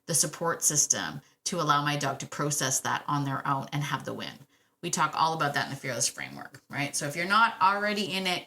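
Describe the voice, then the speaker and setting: A woman's voice: sits low, pushed and bright. A woman hosting a podcast about dog training, talking in a chatty, enthusiastic way with lots of "right?" asides. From Canada. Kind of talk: casual podcast monologue.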